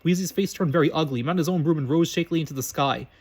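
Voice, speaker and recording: Male amateur reader, quick, stumbling and self-correcting narration. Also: on the high side, a little mellow, slightly rough. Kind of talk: reading fan fiction aloud.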